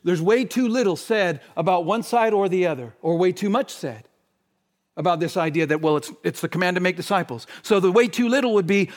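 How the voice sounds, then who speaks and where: A man preaching a sermon, shifting between fervent, shouted appeals and quiet, hushed stretches. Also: on the high side, normal speed. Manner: impassioned, swings from shouting to hushed.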